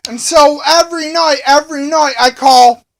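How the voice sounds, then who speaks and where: A man's voice: extremely high pitch, steady tone, normal speed. A man telling a story in an angry, indignant rant, repeating the same phrases over and over. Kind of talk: angry ranting monologue.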